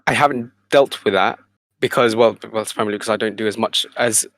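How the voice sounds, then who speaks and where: Careful low-voiced man, dry mic. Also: fairly bright tone, no echo. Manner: careful, measured, hedging. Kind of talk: casual discussion.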